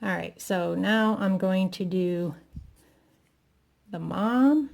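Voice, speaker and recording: Slow gravelly woman crafting, out of breath. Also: medium pitch, a little mellow. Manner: chatty, self-deprecating, talking while working. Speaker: crafting tutorial maker. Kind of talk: casual craft tutorial.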